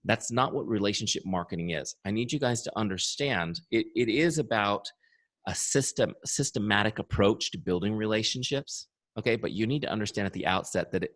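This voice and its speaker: A man who founded a software company, leading an upbeat training webinar. He talks with enthusiasm and repeats his key points, in his early morning voice. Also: fairly low pitch, no room sound.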